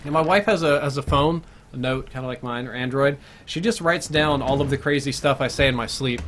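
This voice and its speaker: Young male streamer, a bit high-pitched, loose and talkative, answers chat while he plays. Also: a bit bright, slight background noise. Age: young adult. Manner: rambling, thinks aloud, answers viewer questions between plays. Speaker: game streamer. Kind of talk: live gameplay commentary chat.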